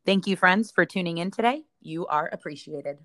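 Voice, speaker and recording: A woman hosting a company podcast, asking friendly, brisk questions. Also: lowish voice, a bit bright, no room sound, clean studio sound. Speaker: podcast host. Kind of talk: casual interview hosting.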